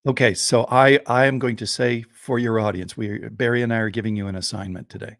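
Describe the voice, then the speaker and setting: Brief: male storyteller with a gravelly, bright voice, dry close sound, animated joke-telling. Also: medium pitch, fairly quick, dry recording. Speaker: storyteller, co-host. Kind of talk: casual podcast storytelling.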